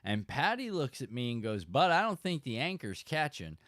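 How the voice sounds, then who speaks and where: A man hosting a casual fishing livestream, telling a story with animated emphasis and chatting to viewers. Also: medium pitch, normal speed, no room sound, studio quality. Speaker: fishing channel host.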